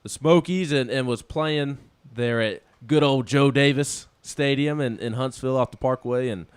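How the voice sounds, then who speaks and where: A man co-hosts a casual sports talk show, rambling with lots of restarts and laughing at himself. His voice is medium-pitched and smooth at a normal speed, recorded on a studio microphone with no echo.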